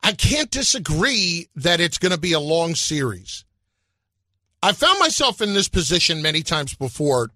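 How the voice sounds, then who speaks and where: A man co-hosting a sports talk show, building his case in an animated way. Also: on the high side, no echo, clean studio sound. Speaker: sports radio co-host.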